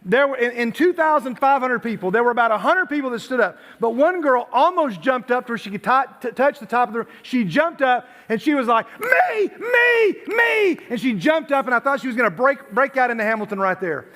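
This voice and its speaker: A man's voice: very high-pitched, lively intonation, quick pace, hardly any pauses, fairly bright tone. A man from Tennessee giving a youth sermon, chatty and storytelling, with self-deprecating asides. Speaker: youth pastor.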